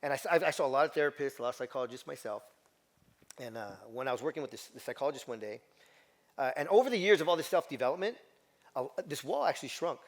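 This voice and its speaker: A man's voice: medium pitch, animated, quick pace. A middle-aged man giving a motivational talk to a group, telling a personal story in an emphatic way and repeating phrases. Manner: emphatic, repetitive storytelling with quoted voices. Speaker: motivational speaker.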